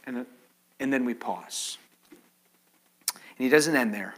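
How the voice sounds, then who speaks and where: A man preaching a sermon as pastor in a church sanctuary. He swings from loud pleading to hushed, near-whispered lines. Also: mid-range voice, unhurried.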